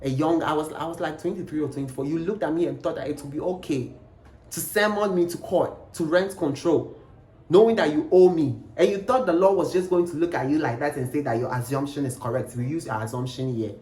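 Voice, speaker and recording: A young man tells a storytime vlog. He is emphatic and animated, and he keeps firing rhetorical questions. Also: on the high side, fairly quick. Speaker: vlogger. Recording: roomy echo, faint background noise.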